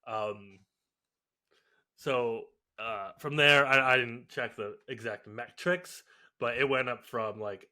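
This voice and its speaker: Man, young adult, podcast co-host, bright tense voice, rambling casual chat, lots of ums. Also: medium pitch. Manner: rambling, filler-heavy, laughs often.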